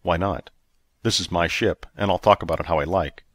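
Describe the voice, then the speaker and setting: A man voicing a wounded, feverish male spaceship captain who grumbles low and stubbornly in an audiobook. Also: brisk, no room sound. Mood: grumbling. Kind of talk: audiobook character reading.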